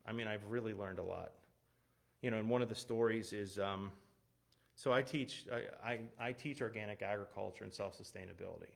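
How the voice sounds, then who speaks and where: A man with a fairly low voice speaks from the front of a church as a visiting missionary pastor. He talks conversationally, with plenty of fillers and restarts, as he tells stories. The sound comes over an unsteady online stream. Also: gravelly. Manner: conversational, many fillers and restarts, laughs at himself. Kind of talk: church talk with personal stories. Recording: unstable internet stream with glitches.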